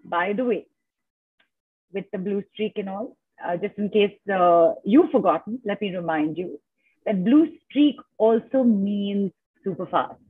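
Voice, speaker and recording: A woman's voice: medium pitch, a little slow, husky, no room sound. A woman hosting an online summit, reading out audience comments in a chatty, teasing way over a video call. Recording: dry phone-like call audio.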